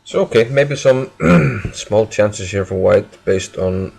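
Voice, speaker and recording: A man commentates a chess game live on a stream, his lowish voice gravelly and a little husky. He talks in a loose, joking way, thinking his way through the moves and poking fun at himself. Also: lively intonation, takes it slowly, a little mellow. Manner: jokey, self-mocking, thinking aloud.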